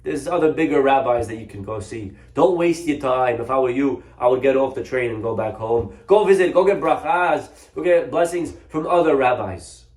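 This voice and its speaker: A man's voice: medium pitch, animated, normal speed, few pauses, a little mellow, reverberant, close to an everyday voice. A man playing a humble old saintly rabbi. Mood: gentle. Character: elderly saintly humble rabbi, gentle and calm.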